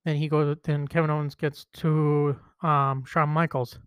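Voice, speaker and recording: Rambling podcast guy, slightly high voice. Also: level tone, unhurried, smooth, no room sound. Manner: rambling, restarts and retells quotes. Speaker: podcast host. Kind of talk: casual wrestling chat.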